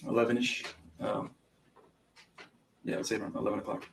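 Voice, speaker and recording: Young male witness on the stand, gravelly low voice, hesitant recounting. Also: little pitch movement, a little fast, slight background noise, low-quality recording. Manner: hesitant, recounting events with frequent ums. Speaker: trial witness. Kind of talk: courtroom testimony.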